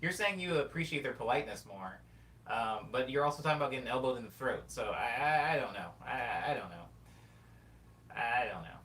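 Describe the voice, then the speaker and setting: A man's voice: lively intonation, fairly quick, bright, forceful tone. A man in his twenties hosting a live stream, reading chat messages aloud and reflecting in a rambling, casual way. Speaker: livestream host. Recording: distant mic with faint rumble.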